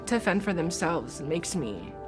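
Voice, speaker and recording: Woman, 30s, interviewee; tearful and halting, retelling conversations, soft music beneath. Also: on the low side, sing-song. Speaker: interviewee, widow of a veteran. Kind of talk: emotional interview.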